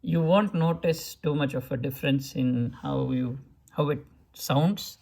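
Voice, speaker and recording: A man slowly explaining writing scripts and their sounds, pausing often with fillers and sounding out syllables to show pronunciation. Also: fairly high pitch, vocal fry, darkish tone. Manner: slow, hesitant explaining with many fillers and restarts. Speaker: script teacher. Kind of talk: explanatory lesson.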